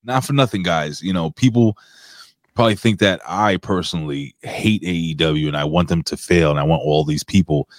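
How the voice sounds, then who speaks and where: A man's voice: low-pitched, normal speed, no echo, studio quality. A man co-hosting a wrestling podcast in casual chat, blunt and profane with rambling asides.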